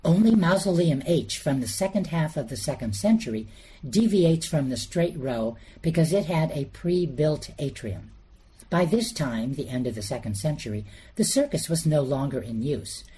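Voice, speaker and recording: A man reading a scripted documentary narration, measured and explanatory, steadily working through names and dates. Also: a little high, very animated, warm tone, husky.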